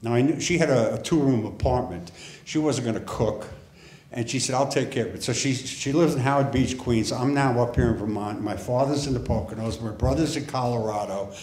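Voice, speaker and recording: A middle-aged man telling a personal story on stage in a wry, conversational way, with deadpan asides. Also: mid-range voice. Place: theater stage. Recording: echoey theater room with faint ambience.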